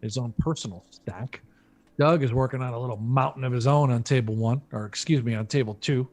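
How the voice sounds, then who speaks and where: A man's voice: mid-range voice, a little fast, a little mellow. A man commentating a live poker stream, chatty and joking, thinking aloud between hands.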